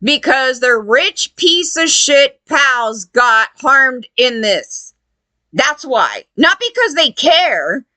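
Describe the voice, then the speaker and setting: Speaking slowly in a high, sing-song voice with a sharp edge, a woman rants about being turned away after the fires. She curses heatedly and mimics the officials' lines as she tells her own survivor's story, captured in a dry recording.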